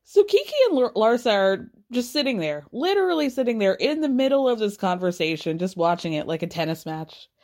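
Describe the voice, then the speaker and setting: A woman's voice: mid-range voice, sing-song, brisk, few pauses, darkish tone. A woman recapping a reality show in casual chat, opinionated and full of "like" fillers, with some casual swearing. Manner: opinionated, chatty, lots of "like" fillers.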